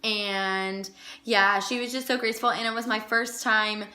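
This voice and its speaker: Bubbly, bright-voiced young woman gushing. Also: medium pitch, level tone, normal speed. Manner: gushing, with frequent "like" fillers. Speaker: vlogger. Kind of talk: casual chat.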